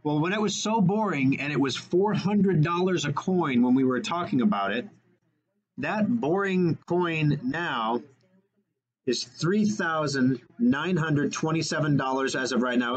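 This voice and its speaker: A man hosting a radio show, talking fast and energetically in casual chat and correcting himself as he goes. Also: fairly high pitch, animated, poor audio.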